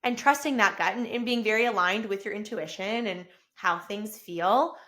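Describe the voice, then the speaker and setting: Hosting her own podcast, a woman in her thirties talks at a moderate pace in a mid-range voice. It's a casual solo monologue recorded on her own camera, delivered with effusive enthusiasm that rises into excited bursts.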